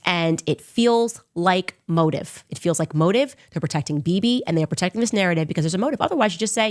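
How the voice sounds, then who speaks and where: Talking at a quick pace with few pauses, a woman delivers an animated, opinionated monologue on her own commentary show. Her tone is combative, sarcastic, and emphatic, and she mocks others by imitating them in a high, raised voice.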